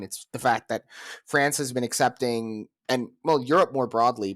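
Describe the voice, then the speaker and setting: A man's voice: mid-range voice, no echo. Opinionated male podcast host, dry sound. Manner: opinionated, argumentative. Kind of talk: casual chat.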